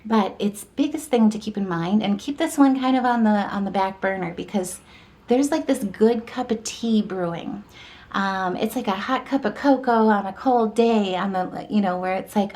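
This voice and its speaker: A woman's voice: medium pitch, moderate pace, a little mellow. A woman giving a casual, upbeat horoscope reading, chatty and encouraging, running through long lists of keywords. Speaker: tarot and astrology reader.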